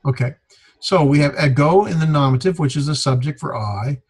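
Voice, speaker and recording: A man teaching a Greek grammar class, explaining in a halting way with many fillers. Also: a little high, slightly rough. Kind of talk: classroom lecture.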